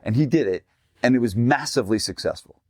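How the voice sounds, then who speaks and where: A middle-aged man hosting a casual business podcast, telling animated stories and often repeating words as he starts a sentence. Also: medium pitch, fast, no echo, clean studio sound. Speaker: podcast host and gym business coach.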